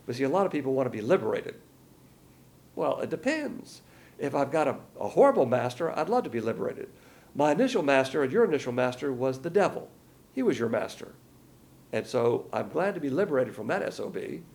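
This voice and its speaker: Gravelly guy teaching bible verse by verse, folksy and rambly, lots of uhs. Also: medium pitch, sing-song, a little fast, darkish tone. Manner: folksy, rambling, with many fillers.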